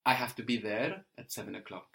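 A male teacher explains step by step in a patient, unhurried way. He often checks in with a questioning "no?" as he guides a learner through a spoken lesson. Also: medium pitch, expressive, creaky, fairly bright tone. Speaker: language teacher.

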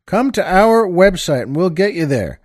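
A man's voice: high voice, sing-song, moderate pace, a little mellow, dry recording, studio quality. A man hosting a podcast in a casual monologue, rambling with many fillers and restarts. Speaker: podcast host.

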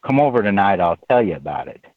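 A man voicing his gruff, hungover male neighbor in a low, drawling grumble. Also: very animated, fast, no room sound. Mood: grumbling. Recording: tinny phone-like line.

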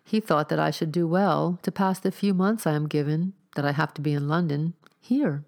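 Woman reading a hushed polite young gent, mysterious, low and a bit gravelly. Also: normal speed. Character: soft-spoken, mysterious young gentleman.

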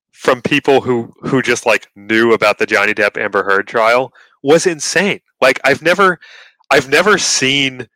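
Bright-toned man stammering through a rant. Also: mid-range voice, no echo, rough recording. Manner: stammering restarts, repeats words; profane, exasperated rants. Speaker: podcast co-host. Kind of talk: casual chat.

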